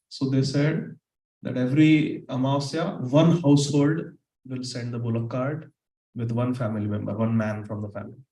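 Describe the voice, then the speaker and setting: A man telling a story to children, animated and acting out the characters. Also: medium pitch, distant mic. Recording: echoey room, off-mic.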